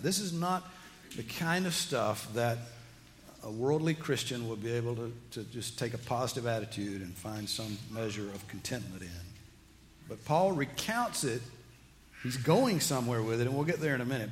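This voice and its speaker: Man, preacher, expository sermon, mid-range voice, long reverb, faint room hiss. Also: medium pitch. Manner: expository, reads scripture aloud with rising emphasis.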